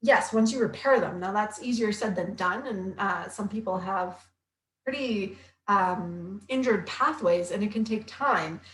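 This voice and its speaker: A chatty, upbeat woman of middle pitch talks through a casual live stream, reading out viewer comments with quick asides. She sounds like a health coach and author. Her voice rings with a roomy echo. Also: a bit bright.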